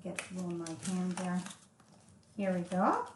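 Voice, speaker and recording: A woman with a French accent, French her first language, giving a live craft tutorial, talking slowly and chatting as she works. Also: fairly low pitch. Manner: slow, chatty, thinking aloud as she works. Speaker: papercraft instructor. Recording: echoey room with faint noise.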